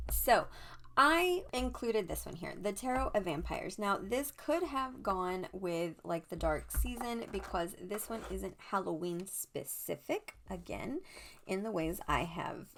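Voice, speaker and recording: A woman hosting a casual show-and-tell vlog, chatty and gushing with excitement. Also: medium pitch, unhurried, slight background noise. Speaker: tarot channel host.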